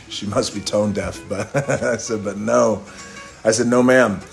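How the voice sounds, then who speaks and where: A man with a fairly low voice spins a loose, rambling story on a phone live stream, breaking off for toasts and quick asides. Faint guitar music plays quietly behind him. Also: gravelly. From Hawaii.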